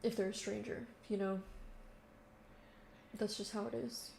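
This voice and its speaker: A woman's voice: mid-range voice, flat delivery, unhurried, gravelly, darkish tone. A young woman telling a story in casual chat, lots of fillers and quoted voices, recorded in an echoey room. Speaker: vlogger. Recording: echoey room with faint noise.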